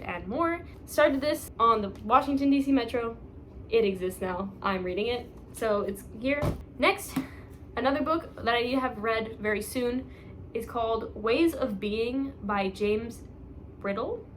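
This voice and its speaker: A young woman talks through her book stack in a chatty, rambling way, laughing at her own slips. Her voice sits a little high, with a faint hiss of noise behind it. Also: fairly bright tone. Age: young adult. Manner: chatty, rambling, self-mocking, many fillers. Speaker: book vlogger. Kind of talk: casual chat.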